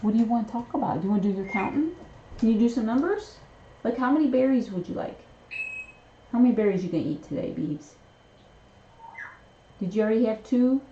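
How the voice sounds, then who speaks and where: A woman's voice: fairly high pitch, animated, a little fast, long pauses, warm tone, slight background noise. A woman hosting a live stream, coaxing her pet bird in sing-song baby talk. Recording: roomy, slightly muffled home recording.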